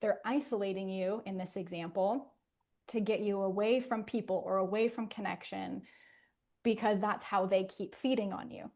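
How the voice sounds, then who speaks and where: A woman therapist talks in an interview at a medium pitch. Her manner is earnest and gentle as she explains. She often drops into a soft, soothing hush. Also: fairly even intonation, moderate pace.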